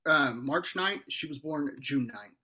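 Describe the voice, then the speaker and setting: A man's voice: on the high side, animated, a little slow, sharp tone, slightly rough. A man who is a guest on a podcast, chatting casually in an outspoken, profane way. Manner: outspoken, profane, laughing often. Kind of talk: casual chat.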